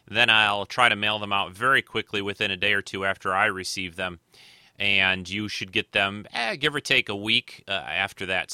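Casual podcast host, bright and crisp. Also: male voice, on the low side, no echo, studio quality. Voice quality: slightly nasal today. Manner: rambling, many filler pauses. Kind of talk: casual solo podcast talk.

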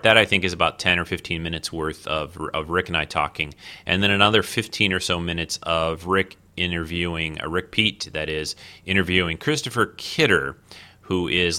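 Speaking low in a pushed, bright voice, this solo podcast host chats casually. His talk wanders, full of fillers and restarts.

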